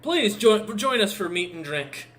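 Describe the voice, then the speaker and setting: A man voicing a hearty old male orc warrior who speaks in broken, halting phrases. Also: on the high side, pushed and bright, slight background noise. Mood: jovial. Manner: halting, searching for words.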